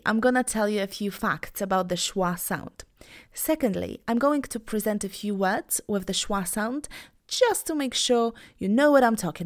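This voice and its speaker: A young woman whose first language is Polish, teaching English pronunciation on a podcast in an upbeat, clear voice and sounding out words slowly and carefully. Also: medium pitch. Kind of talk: podcast lesson.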